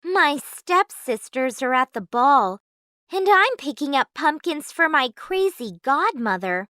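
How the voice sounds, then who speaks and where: A woman's voice: high-pitched, sing-song, slow, pushed and bright, no echo, studio quality, pitched above the performer's own voice, heavily acted. A woman voicing a young, put-upon heroine who is sweet but wry. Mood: earnest.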